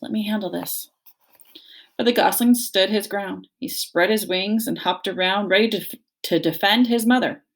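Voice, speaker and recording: Gravelly woman reading a storybook. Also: fairly low pitch. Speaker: reader. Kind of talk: reading a children's novel aloud.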